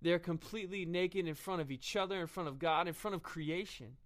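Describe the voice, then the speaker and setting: Earnest man preaching, voice pitched slightly high. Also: brisk. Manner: earnest, frequent fillers and restarts. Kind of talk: sermon.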